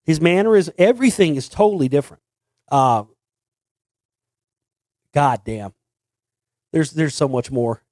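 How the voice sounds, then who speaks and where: A man with a slightly high voice talks on and on in a loose monologue, stumbling over restarts and doubling back on his words. The sound is dry and close, with no room around it. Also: a little slow, long pauses, a little mellow, no echo. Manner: rambling, many restarts, sings snippets. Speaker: host. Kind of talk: casual monologue.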